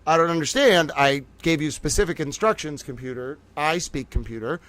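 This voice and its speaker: A livestream host with a somewhat high, slightly bright voice talks fairly quickly to his chat. While fiddling with his computer, he puts on theatrical mock outrage in this casual stream.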